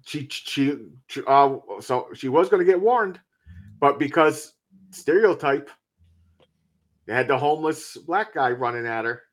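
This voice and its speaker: A man chatting casually about a movie, animated and profane, often jumping in to finish the other speaker's thoughts. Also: a little high, unhurried. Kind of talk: casual movie recap chat.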